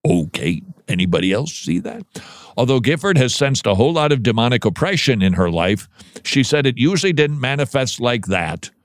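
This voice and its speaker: A man's voice: medium pitch, big pitch swings, moderate pace, dry recording. A man hosting a Christian commentary show, reading news items aloud and reacting in a conversational way, often restarting with repeated words.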